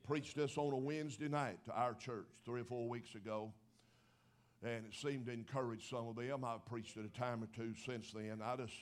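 A preacher man delivering a sermon in a casual, homespun way. His voice sits at an ordinary middle pitch, and he pushes up in pitch and loudness to stress his points. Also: steady tone, moderate pace. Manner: folksy preaching, building to emphatic rises. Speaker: pastor.

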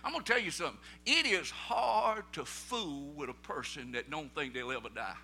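A man in his thirties preaching a sermon, dramatic, dropping low and slow and then rising loud and high. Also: animated, gravelly.

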